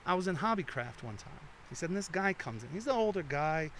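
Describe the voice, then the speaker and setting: A man's voice: on the high side, sing-song, fast talker, fairly bright tone, a little hiss or hum. A man telling long, profane anecdotes as a podcast guest, slipping into quoted voices. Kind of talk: casual podcast storytelling. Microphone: headphones and studio mic.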